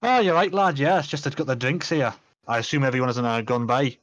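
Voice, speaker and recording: A man voicing a gruff, scarred male dwarf sheriff with a clumsy put-on Scottish accent. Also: medium pitch, fast, highs cut off, lightly acted. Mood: hearty.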